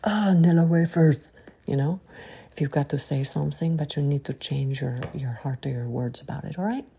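A woman with a Southern drawl hosts a faith-based encouragement talk in a folksy, exhorting way. Her voice is low and mellow, with a husky grain. She sounds gravelly at the bottom of her range. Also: brisk. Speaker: podcast host.

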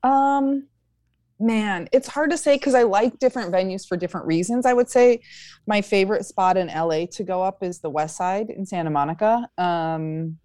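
A woman's voice: mid-range voice, a little mellow, no echo, clean studio sound. A young adult woman comedian chatting in an interview, upbeat, with frequent fillers and restarts. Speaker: stand-up comedian guest. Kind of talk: casual interview chat.

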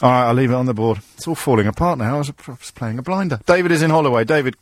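A man hosting a call-in radio show, teasing his callers with quick mock-indignant banter. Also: medium pitch, slight background noise. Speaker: radio phone-in host.

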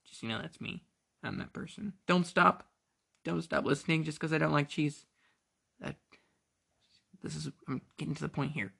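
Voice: medium pitch, expressive, brisk, gravelly, a bit bright, slightly rough. Rambling American podcaster ranting solo. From United States. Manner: rambling, jokey, sidetracks and interrupts itself. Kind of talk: casual opinion rant.

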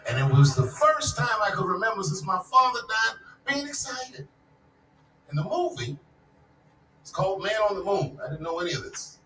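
Man in his forties, stand-up set, profane and loose, slightly high voice, distant mic in a roomy hall with crowd noise. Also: sing-song, moderate pace, sharp tone. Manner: profane, loose storytelling building to punchlines. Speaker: stand-up comedian. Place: large live comedy venue. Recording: echoey live venue, distant mic, audience noise.

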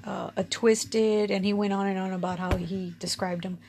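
A woman's voice: mid-range voice, steady tone, moderate pace, a little mellow, a little hiss or hum. A woman telling a personal story in a casual, candid way. She speaks frankly, swears casually and often laughs. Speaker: storyteller sharing personal experience.

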